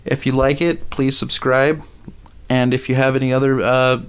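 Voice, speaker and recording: A man with a Minnesota accent giving a casual game review with commentary, halting often with ums and uhs. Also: medium pitch, little pitch movement, smooth.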